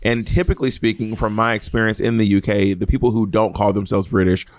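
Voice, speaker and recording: A man's voice: lowish voice, fairly even intonation, quick pace, dry recording. Sassy teasing man, dry sound. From Columbus, Georgia. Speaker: podcast co-host. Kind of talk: casual chat.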